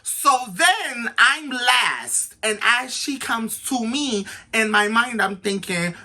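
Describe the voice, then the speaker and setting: A man telling a personal story to his viewers in a casual, animated, slangy way, speaking straight to the audience. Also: sits high, extremely slow. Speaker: storytelling vlogger.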